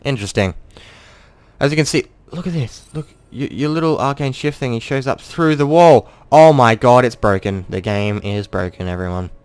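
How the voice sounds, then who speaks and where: A man's voice: medium pitch, lively intonation, brisk, clean tone, no room sound. A young man giving casual, self-mocking commentary over his own gameplay and acting out what he said in the match. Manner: chatty, self-mocking, acts out his own in-game quotes.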